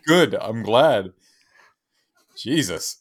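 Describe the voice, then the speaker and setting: Male co-host, low voice, sarcastic, swears, wry asides. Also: animated, drawn-out words. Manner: sarcastic, swears, laughs at his own jokes. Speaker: podcast co-host. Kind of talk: casual chat.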